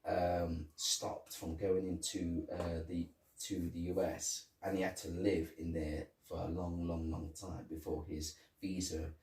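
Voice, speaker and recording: A lower-pitched man talks casually, cohosting a film review chat and slipping into lively impressions of characters. His voice sits back from the mic in a roomy, echoey space. A faint hiss runs underneath. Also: measured pace, far from the mic. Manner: animated, acts out lines from scenes. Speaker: podcast co-host.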